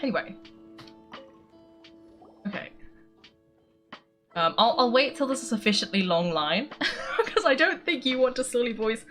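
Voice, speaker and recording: Giggly high-voiced woman streamer. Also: animated, normal speed, pauses often, a bit bright, soft background music. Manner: giggly and chatty, laughs often. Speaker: gaming streamer. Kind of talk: casual game commentary.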